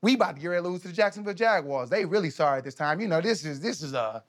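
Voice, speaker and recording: High-pitched guy telling wild stories on a podcast, casual, cussing, cracking himself up. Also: rapid-fire. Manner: animated, laughing, slangy and profane. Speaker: guest. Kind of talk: casual storytelling.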